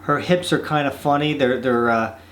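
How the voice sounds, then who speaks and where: A man's voice: mid-range voice, steady tone, normal speed, a bit bright. A man hosting his own channel, reading viewer letters aloud and chatting casually between them with rambling, easygoing asides. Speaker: channel host reading fan mail.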